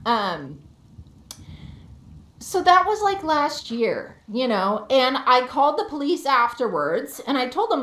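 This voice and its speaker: A woman streamer telling a story in a heated, profane, animated rant. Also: sits high, takes it slowly, echoey room. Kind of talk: casual ranting storytelling.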